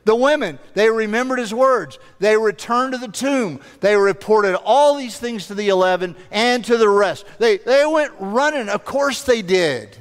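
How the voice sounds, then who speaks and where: A man's voice: high voice, measured pace, few pauses, long reverb tail. A man preaching a sermon as pastor, earnest, building through repeated phrases and rhetorical questions. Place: church sanctuary.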